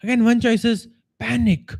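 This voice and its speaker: A man's voice: very high-pitched, fairly even intonation, normal speed, vocal fry, darkish tone, slightly rough. A man coaching live on a stream, earnest and explanatory, acting out the voices of the people in his examples. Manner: earnest, acts out quoted voices. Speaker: life coach. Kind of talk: live-streamed motivational talk.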